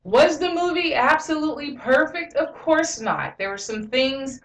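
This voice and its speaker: A woman's voice: high-pitched, expressive, unhurried. A woman giving a casual movie review and retelling scenes with lots of "you know" fillers. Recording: roomy echo, mic at a distance.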